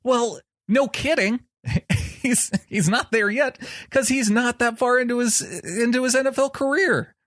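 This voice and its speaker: A man's voice: very high voice, unhurried, a bit bright, no room sound, studio quality. A man co-hosting a sports podcast, chatting in an easygoing way and laughing often. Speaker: podcast co-host. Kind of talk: casual sports chat.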